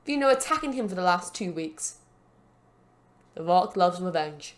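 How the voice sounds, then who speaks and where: A woman's voice: on the low side, expressive, moderate pace, pauses often. Rambling woman narrating a wrestling game. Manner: rambling, joking, self-promoting. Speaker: gaming channel host. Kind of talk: casual game commentary. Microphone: desk mic with a broken stand.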